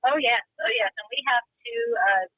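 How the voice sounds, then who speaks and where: A woman's voice: fairly high pitch, moderate pace, no room sound. A woman from Montana, a guest chatting animatedly on a call while she drives. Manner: animated, talkative storyteller. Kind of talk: casual chat on a call. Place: driving in a car. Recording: dull phone-line audio.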